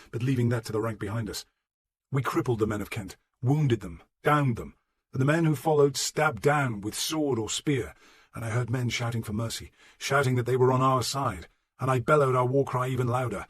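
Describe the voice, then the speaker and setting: A man reading a historical novel as a first-person audiobook narration, measured and low-voiced. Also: husky, no echo.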